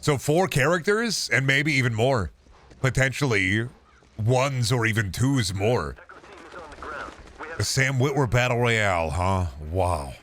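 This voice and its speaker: A young man streams a game and chats casually, joking and rambling as he swears his way through it. His voice is bright and forceful, at a middle pitch. There is a faint noise behind him. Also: lively intonation, slow. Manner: joking, rambling, swears freely, talks to chat. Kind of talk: casual gameplay commentary.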